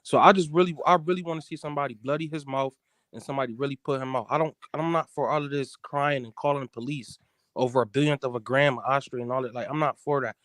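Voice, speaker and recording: A man's voice: mid-range voice, steady tone, quick pace, a bit bright, no room sound. A man calling in to a live show, talking heatedly and asking "you feel me". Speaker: caller. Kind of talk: heated call-in chat.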